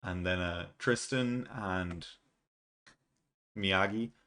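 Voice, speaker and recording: Low-voiced man recapping a comic. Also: drawn-out words. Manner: relaxed, thinking aloud, reads out dialogue plainly. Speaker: manga reaction video host. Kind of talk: casual recap and commentary.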